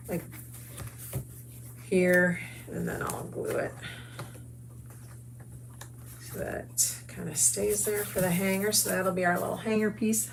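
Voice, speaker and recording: A middle-aged American woman hosts a crafts video, chatting easily with her viewers while she works. She talks slowly and her voice has a gravelly edge. A faint hum sits behind her. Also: medium pitch, animated. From United States. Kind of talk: casual crafting talk and promo.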